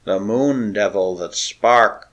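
A man voicing a crazed giant Norse sailor in a thick, lifeless croak, slow and haunted. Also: lowish voice, a bit bright.

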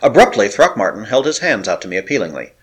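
A man narrates an old adventure novel for an audiobook, and his husky voice keeps the telling vivid. His pitch swings widely with the suspense, always dramatic and expressive. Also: fast talker.

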